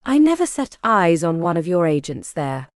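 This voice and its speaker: A proud, stern male ship captain who gives curt orders, as a woman reading the audiobook puts him on. His lines swing with lively pitch. The recording is dry and close. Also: moderate pace, dry recording. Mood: commanding. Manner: curt, authoritative.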